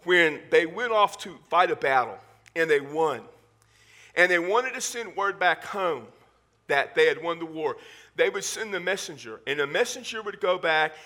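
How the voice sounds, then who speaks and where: A male pastor with a Southern Texas accent preaching a sermon in church, animated and full of joking asides. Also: fairly high pitch, normal speed.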